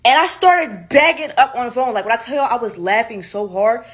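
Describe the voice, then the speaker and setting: A young woman telling a storytime in an animated way, acting out what people said. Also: a little high. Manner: animated, fast, acts out quotes.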